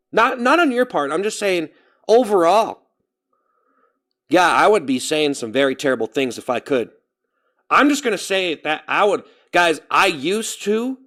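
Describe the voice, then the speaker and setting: A man with a fairly high voice rambles through a casual live stream, talking straight to his chat. He keeps tripping over his words, restarting and correcting himself before he finishes a thought. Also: fairly bright tone. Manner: talks straight to chat, reading out names.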